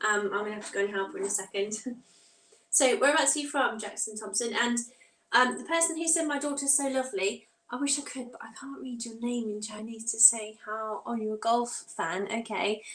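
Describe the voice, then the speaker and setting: Young woman, chatty live-stream mum, fairly high voice, echoey room, mic set back. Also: fairly bright tone, slight background noise. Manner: chatty, chats while doing housework, often breaks off to her toddler. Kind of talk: casual live-stream chat. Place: home. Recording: roomy, mic at a distance.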